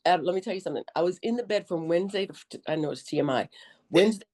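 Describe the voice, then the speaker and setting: A middle-aged woman as a podcast guest, telling her story in a lively, joking, colloquial way and acting out her own quotes. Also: fairly low pitch, rapid-fire. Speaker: podcast guest, army veteran nurse. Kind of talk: conversational interview storytelling.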